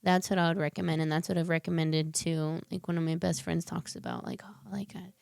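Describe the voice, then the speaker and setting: A woman's voice: low voice, flat delivery, fairly quick, vocal fry, a little mellow, smooth, no room sound, clean studio sound. A woman guest on a podcast, telling a personal story in an earnest, heartfelt way with loose, filler-filled speech.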